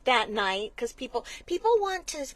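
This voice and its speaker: A woman's voice: on the high side, sing-song, normal speed, a bit bright, dry recording. Earnest woman explaining a cause. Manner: earnest, explanatory, many restarts. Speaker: blood center marketing manager, guest. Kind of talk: conversational interview.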